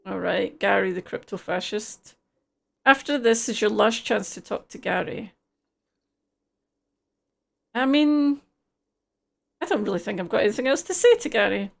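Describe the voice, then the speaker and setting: Gravelly-voiced woman streamer reading game lines. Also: medium pitch, lively intonation, measured pace, pauses often. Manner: dry, wry asides. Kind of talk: reading video game dialogue aloud.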